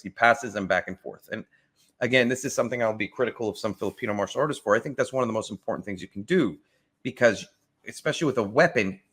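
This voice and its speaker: A man talks through a martial arts demo in a relaxed, conversational way. He sounds enthusiastic and thinks out loud, breaking off and restarting sentences. His voice sits at an ordinary middle pitch. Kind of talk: casual reaction commentary.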